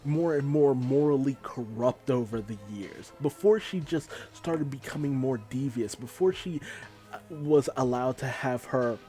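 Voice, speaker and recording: Casual male manga reviewer, warm, dark tone, loose delivery, light music underneath. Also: mid-range voice, measured pace. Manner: animated, laughing, loose and profane. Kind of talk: casual commentary recap.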